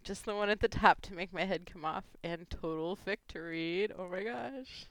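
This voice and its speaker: A fan fiction vlogger chats casually while reading gifts on her vlog, giggling often and gushing with emotion. Her voice is lowish at a moderate pace, with no echo.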